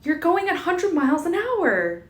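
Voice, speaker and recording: A woman's voice: big pitch swings, moderate pace. A woman doing a panicky teenage girl. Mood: panicked. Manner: high shouting, panicky. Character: frightened teenage girl, sharp, sarcastic. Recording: roomy echo, faint noise.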